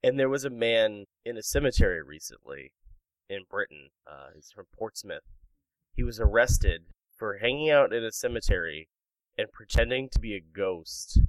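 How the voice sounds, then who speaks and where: A man's voice: fairly low pitch, lively intonation, moderate pace, dry recording, poor audio. A man hosting a comedy podcast in casual chat, reading out news stories and making puns. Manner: jokey, punning, reads out news stories. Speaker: podcast host.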